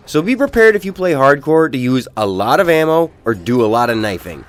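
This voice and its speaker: A man's voice: mid-range voice, a little fast, few pauses. A man giving a comedic, profane game review voice-over. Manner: profane, animated.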